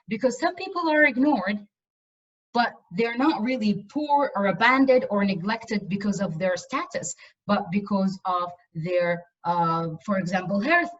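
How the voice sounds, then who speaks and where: Woman lecturer, earnest and emphatic, mid pitch, muffled video-call audio. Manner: earnest, emphatic with frequent repetitions. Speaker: university lecturer. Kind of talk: online lecture.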